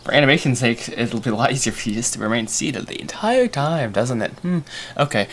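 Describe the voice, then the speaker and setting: While storyboarding on a relaxed livestream, this young animator and host talks through his ideas, dropping self-deprecating comments and plenty of fillers. He speaks briskly in a medium-pitched, fairly bright voice with lively intonation, and a little hiss or hum is audible.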